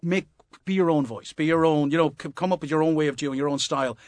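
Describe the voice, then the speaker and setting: A man's voice: on the high side, fast talker, dry recording. Emphatic man telling stories. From Limerick, Ireland. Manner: anecdotal, emphatic. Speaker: panel guest. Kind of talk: radio panel discussion.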